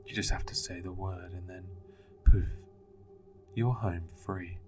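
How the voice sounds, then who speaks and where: A man voicing an unseen sneering entity in an attic, low and raspy, speaking slowly and coaxingly. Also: fairly even intonation, over music. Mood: coaxing menace.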